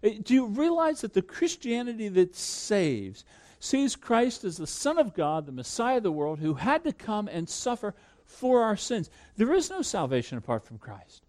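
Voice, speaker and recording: A man preaching a sermon to a congregation, swinging between loud emphatic peaks and hushed low asides. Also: wildly swooping pitch, moderate pace. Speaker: pastor.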